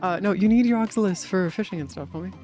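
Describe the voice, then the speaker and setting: Casual live streamer, mid-pitched, rambling and filler-heavy, faint game music behind. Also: fast, dark tone. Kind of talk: casual gaming stream chat.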